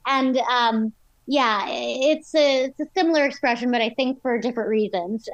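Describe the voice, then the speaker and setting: Bubbly giggling voice actress, high and dry. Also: female voice, moderate pace, no room sound, lo-fi sound. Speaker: voice actress guest. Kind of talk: interview.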